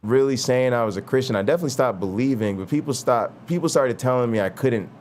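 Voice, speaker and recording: A man talking casually as a host, telling stories with lots of "like" and "you know". His voice sits at a middle pitch and swings up and down with energy. Faint noise hums under the recording. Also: fast talker, darkish tone. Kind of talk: casual conversation.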